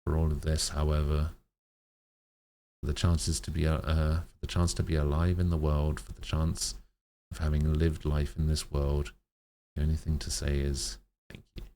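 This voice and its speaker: A man streamer reading a sad story aloud in a slow, measured way, with occasional slips. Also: very deep voice, level tone, mellow, a little hiss or hum.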